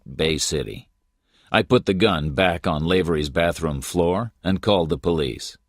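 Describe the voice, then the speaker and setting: A man narrating a detective story in the first person, measured and steady, as a scripted audiobook read. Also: deep voice, dry recording, studio quality.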